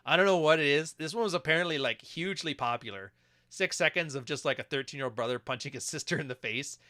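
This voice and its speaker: A man's voice: on the high side, fast, bright, forceful tone. A man hosting a podcast, giving crude, joking commentary on video clips and laughing often. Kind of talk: casual reaction commentary.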